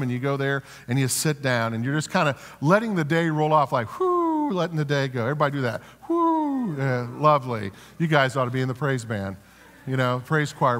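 A man's voice: on the high side, fairly bright tone. A man preaching a sermon as pastor, conversational and storytelling, with rhetorical questions and frequent restarts. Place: church sanctuary. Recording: long church hall reverb.

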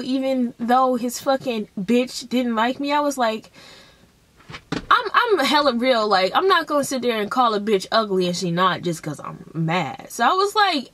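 A young woman with a high voice tells a school drama story straight to camera. She talks in a casual, profane, animated way and acts out the other people's lines as she goes. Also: measured pace, dry recording. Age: young adult. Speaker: vlogger telling a story.

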